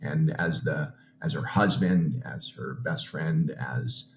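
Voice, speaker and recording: Podcast guest: very low-voiced man, earnest personal storyteller, recorded in an echoey room. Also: gravelly, a little hiss or hum. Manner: earnest, halting, frequent restarts. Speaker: podcast guest, business owner.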